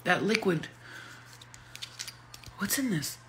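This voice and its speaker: A woman's voice: mid-range voice, animated, slow pace, background noise. A middle-aged woman rambling casually and laughing often, full of slang, in a vlog monologue. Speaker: vlogger.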